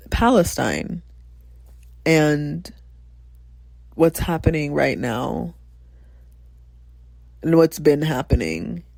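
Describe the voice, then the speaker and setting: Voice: mid-range voice, gravelly, darkish tone, no echo. Passionate rambling podcast host, dry sound. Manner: passionate, rambling, frequent profanity; laughs often, thinks aloud with fillers. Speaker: teacher. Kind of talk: casual podcast talk.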